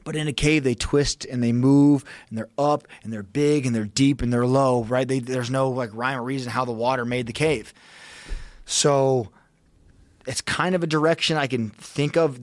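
A man's voice: medium pitch, no echo. A man guest on a podcast, telling a story in a casual, profane, intense way and reliving it vividly.

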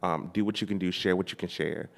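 A man co-hosting a podcast in casual chat, sassy and dramatic, leaping far up in pitch when he mocks someone. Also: steady tone, fast, gravelly, big-room sound, a crowd in the background. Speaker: podcast co-host.

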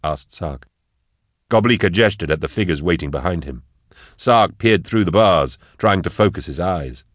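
Brief: man with a very low voice, measured audiobook narration, dry close sound. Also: expressive, dry recording. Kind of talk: scripted narration.

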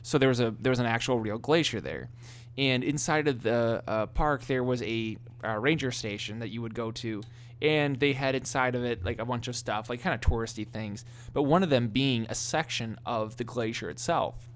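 A man's voice: medium pitch, normal speed. A man telling funny family stories in a casual podcast chat, laughing often and restarting his sentences. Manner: animated storyteller, laughs often, many restarts. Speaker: podcast co-host.

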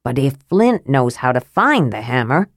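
A woman's voice: very deep voice, big pitch swings, normal speed, no room sound, studio quality, pitched below the performer's own voice, full character voice. A woman voicing an earnest male knight who speaks firmly and insistently. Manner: firm, insistent.

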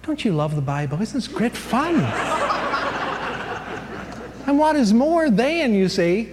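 A man's voice: very high-pitched, very animated, normal speed, a crowd in the background. A man giving a humorous Bible lecture to an audience, chatty and digressive, with many fillers and jokes. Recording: long hall reverb, faint noise.

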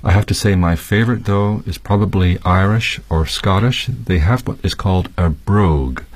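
A man's voice: low voice, moderate pace, husky. A Canadian man with a Canadian accent, a guest teacher reading a text and explaining with examples. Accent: Canadian English. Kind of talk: reading text and classroom chat.

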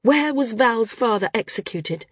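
A woman's voice: on the high side, lively intonation, a little slow, husky, dry recording, pitched above the performer's own voice. A woman voicing an angry, confrontational woman flyer with a hard, accusing delivery, in an audiobook. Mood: demanding.

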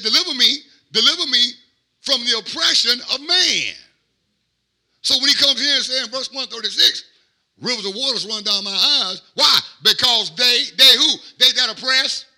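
A middle-aged pastor preaches a sermon in an extremely high-pitched voice. His cadence is rhythmic, swinging from quiet asides to shouted peaks.

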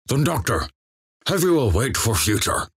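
A man voicing a gruff male gamer who talks in halting broken English, sounding as if his mouth were full of food. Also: medium pitch, very animated, no echo, clean studio sound, voice pushed up, exaggerated voice. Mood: earnest.

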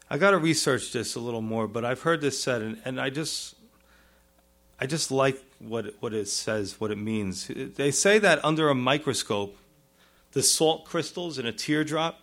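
A man preaching a sermon as a pastor, earnest, with pleading rises and soft low drops, often asking "you see?" and "right?".

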